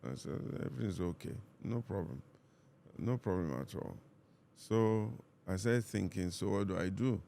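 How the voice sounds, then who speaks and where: A Nigerian pastor, a man, calmly telling a personal story in conversation and acting out what each person said. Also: low voice, creaky, a little hiss or hum. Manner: calm, measured, reenacts dialogue.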